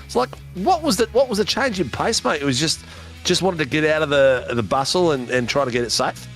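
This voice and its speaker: A man's voice: fairly high pitch, lively intonation, fairly quick, fairly bright tone, faint music behind. An Australian man hosting post-race interviews on a sim racing broadcast, joking and laughing with matey banter.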